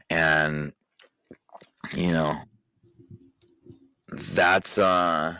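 A man with a very low voice speaks openly and emotionally, stopping and restarting as he talks straight to his child. The sound is dry and close, with no room around it. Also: a bit bright, dry recording, poor audio. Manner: candid and emotional, halting with restarts. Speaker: podcast host, father speaking to his daughter. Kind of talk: personal podcast monologue.

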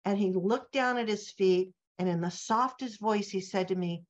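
A middle-aged woman telling a story as a guest on a podcast, lively and animated. Her voice sits at an average pitch, and the recording sounds slightly dull and lo-fi. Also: moderate pace, hardly any pauses. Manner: animated anecdote telling, acting out quoted voices. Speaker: author guest.

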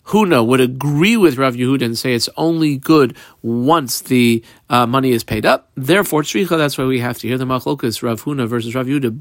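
Animated man teaching a Talmud page. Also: medium pitch, dry recording. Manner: animated, mixes Hebrew-Aramaic terms into English explanation. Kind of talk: daily page Talmud class.

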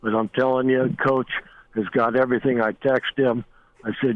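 A man's voice: medium pitch, flat delivery, normal speed, dry recording. A man calling in to a sports radio show and giving his opinion bluntly and insistently. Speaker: radio caller. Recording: phone line.

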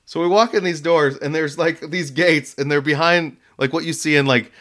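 A man's voice: fairly high pitch, moderate pace. A man casually telling a story about a delivery, laughing often and acting out the people he quotes. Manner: animated, laughs often, acts out voices in quotes.

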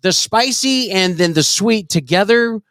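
A man's voice: high voice, animated, measured pace, a bit bright, dry recording, clean studio sound. A man co-hosting a comedy podcast, trading crude, teasing jokes and laughing often. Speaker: podcast co-host.

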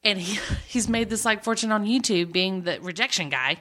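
A woman's voice: mid-range voice, animated, normal speed, sharp tone. A woman co-hosting a casual chat show, telling a story at length and acting out what people said. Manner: chatty storyteller, acts out quotes. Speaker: podcast co-host.

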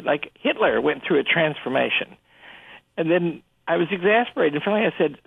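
A man speaking as a guest on a radio discussion, animated and prone to restarts as he tells stories and argues. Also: fairly quick, vocal fry, slightly rough, dry recording. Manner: animated storyteller, lively pitch, frequent restarts. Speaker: guest commentator. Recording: phone-line quality, dry.

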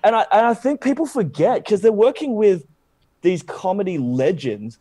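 A young adult man with an Australian accent, a guest actor telling an animated, casual story with lots of laughter. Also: high voice, normal speed, dry recording. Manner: animated, laughing, acts out quoted voices.

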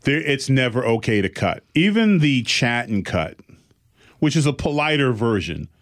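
A man's voice: mid-range voice, normal speed. A man in casual podcast chat, telling stories animatedly and acting out the people in them. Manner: animated storyteller, acts out quotes.

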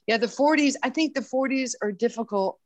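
A woman's voice: fairly high pitch, no room sound. A woman in her sixties, a guest talking casually in an interview with frequent restarts and fillers. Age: 60s. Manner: warm, halting, with many restarts and fillers.

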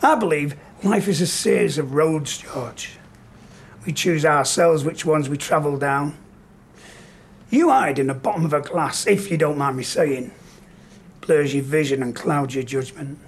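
A soft-spoken clown who is really a guardian angel, played by a man in a live pub play. He preaches gently in a fairly high voice and teases now and then. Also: a little slow, a little hiss or hum. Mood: philosophical. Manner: calm, preachy, gently teasing. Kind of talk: live stage play performance. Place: pub performance.

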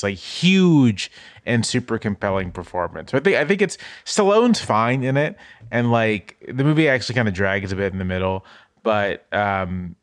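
A man's voice: on the low side, dry recording, clean studio sound. A man guesting on a podcast in casual chat, talking thoughtfully and hedging with fillers.

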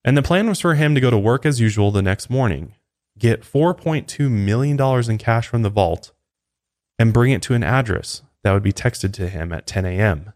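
A man hosting a podcast, narrating a true crime case in a steady, casual way with occasional asides to a co-host. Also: medium pitch, normal speed.

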